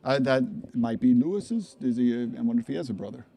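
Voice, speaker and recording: A man calling a live baseball game play-by-play, chatty and rambling into asides between pitches. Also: a little fast, gravelly, mellow. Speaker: play-by-play commentator.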